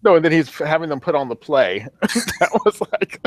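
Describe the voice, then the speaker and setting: A man co-hosting a podcast, chatting casually about a film with short, relaxed replies. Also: fairly high pitch, a little fast, no room sound, studio quality. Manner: relaxed, brief agreeing replies. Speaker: podcast co-host. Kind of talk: casual movie discussion.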